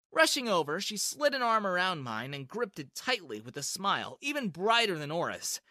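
Bright, animated male storyteller. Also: high-pitched, dry recording, clean studio sound. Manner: lively, expressive reading. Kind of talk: first-person story narration.

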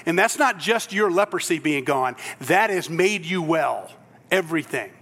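A man preaching a sermon as a pastor, telling stories in an animated way and acting out the voices of people in them. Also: a little high, moderate pace, long reverb tail. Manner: animated storytelling, acts out voices in quotes.

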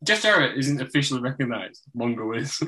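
Bright-voiced man chatting. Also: mid-range voice, sing-song, a little fast, slight background noise. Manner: laughs often, loose and rambling. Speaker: podcast co-host. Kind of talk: casual wrestling chat.

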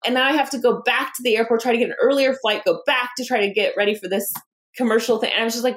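Animated woman founder telling stories. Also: on the high side, fast. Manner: animated, acts out quoted dialogue, laughs often. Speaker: founder and guest. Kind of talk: candid interview storytelling.

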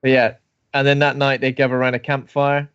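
A man's voice: mid-range voice, little pitch movement, fairly quick, fairly bright tone, clean tone, no echo. Jokey man, muffled dry recording. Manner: jokey, acts out characters in silly voices. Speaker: podcast co-host. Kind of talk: casual film review chat.

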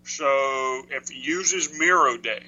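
A man co-hosts a radio show in a bright, forward voice. He teases his partner with dry banter, and a faint hum sits behind him. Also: medium pitch, takes it slowly, lo-fi sound. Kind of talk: casual chat.

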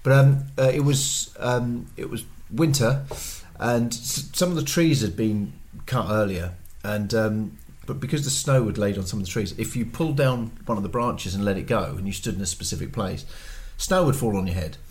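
A man's voice: on the low side, moderate pace, hardly any pauses, darkish tone, slight background noise. An older man telling long, rambling stories full of ums and restarts in casual family podcast chat. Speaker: podcast co-host, father.

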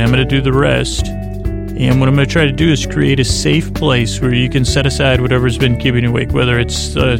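A man hosting a bedtime podcast in a soft, lulling, creaky voice, meandering goofily through asides and restarts, recorded in a closet. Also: mid-range voice. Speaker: podcast host. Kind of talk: rambling bedtime podcast monologue.

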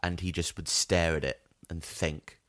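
A man's voice: sits low, steady tone, a little slow, fairly bright tone. A man co-hosting a comedy podcast, rambling through silly bits and putting on voices. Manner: rambling, puts on silly voices, laughs often. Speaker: podcast co-host. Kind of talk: comic improvised chat.

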